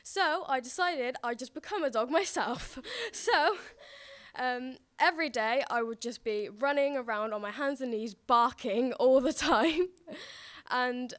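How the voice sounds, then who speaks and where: Giggly young woman, higher pitch, personal story told on stage. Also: measured pace, a bit bright. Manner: giggly, laughs often between phrases. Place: stage before a live audience.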